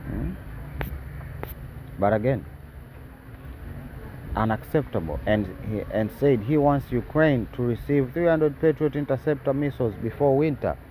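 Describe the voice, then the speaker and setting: A man reads news reports in a dark, mellow voice and keeps cutting in with sarcastic asides and tag questions. He stumbles and restarts often, and a faint hum of traffic sits behind him. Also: medium pitch, low-quality recording. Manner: halting, with many fillers and restarts. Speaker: news commentator. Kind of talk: reading news and commenting.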